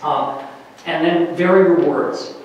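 Man lecturing faculty, energetic, emphatic, fairly high voice, distant mic, big echoey hall. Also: slow pace, dull audio, slight background noise. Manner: energetic, varies loudness for emphasis, many fillers. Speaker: faculty workshop speaker. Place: large lecture room. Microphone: distant room mic.

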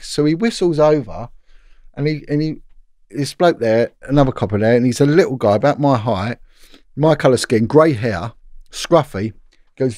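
A man's voice: mid-range voice, lively intonation, moderate pace, a little mellow, dry recording, studio quality. A middle-aged British man, a former police detective telling a long anecdote in a casual interview, with lots of restarts. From Britain.

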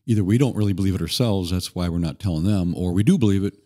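A man guest on a podcast, telling stories in an earnest, relaxed way with occasional restarts. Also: low-pitched, fast talker. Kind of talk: conversational storytelling.

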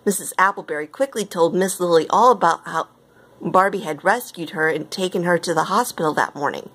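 A woman reading a storybook aloud as narrator, with gentle, even pacing. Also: lowish voice, a little fast, slightly rough.

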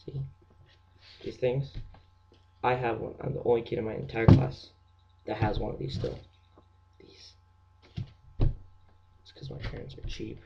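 A teenage boy rambling through a jokey comic rant, dropping into hushed whispered asides. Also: medium pitch, steady tone, measured pace, gravelly, pauses often, highs cut off, noisy background. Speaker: vlogger.

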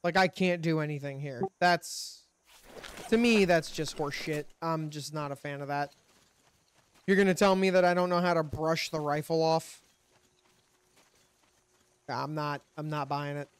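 A man's voice: a little high, steady tone, measured pace, pauses often, a little hiss or hum. Profane, frustrated man doing gameplay commentary. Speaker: gaming channel host. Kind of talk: let's play commentary.

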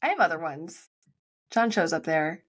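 A woman co-hosting a podcast in casual chat, bubbly, enthusiastic and quick to giggle. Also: on the low side, animated, a bit bright, slightly rough. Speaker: podcast co-host.

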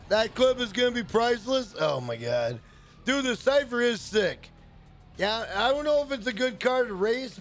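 A man streaming a video game live, hyped and profane, greeting and thanking chat members. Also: extremely high pitch. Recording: faint music behind.

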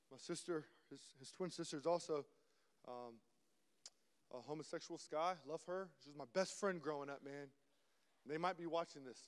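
A young man giving an animated sermon-style talk, often repeating words and dropping from loud to hushed. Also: fairly high pitch, normal speed, smooth, in a large hall. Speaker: guest speaker.

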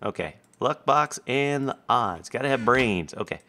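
A man casually commenting on his own gameplay, chatty and quick to react aloud. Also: medium pitch, lively intonation, sharp tone. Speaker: host, video game player.

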